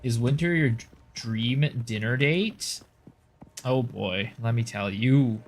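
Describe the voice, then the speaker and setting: A man's voice: medium pitch, slow pace, a little hiss or hum. A man streaming a game, casually commenting, joking and answering his viewers as he plays.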